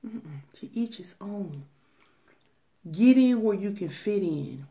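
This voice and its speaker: A middle-aged woman talks straight to her camera between bites on her eating channel. Her pitch sits in the middle of the range, and she stresses points hard, stretches phrases out and restarts sentences often. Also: animated, mellow. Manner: emphatic, preachy, drawn-out phrases with repeated restarts. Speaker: mukbang vlogger. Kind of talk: casual talk to camera while eating.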